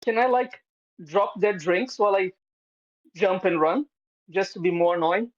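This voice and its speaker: A player at a tabletop role-playing session, taunting and swearing with excitable energy. The voice is at a middle pitch and comes through a dull, lo-fi microphone. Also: unhurried. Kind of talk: casual tabletop game chat. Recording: dull lo-fi mic.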